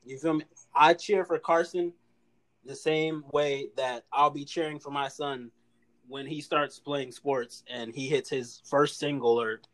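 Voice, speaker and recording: A man, co-hosting a casual sports chat, animated and full of restarts. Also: fairly high pitch. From Philadelphia area. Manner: animated, talks fast with repeated restarts. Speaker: podcast co-host.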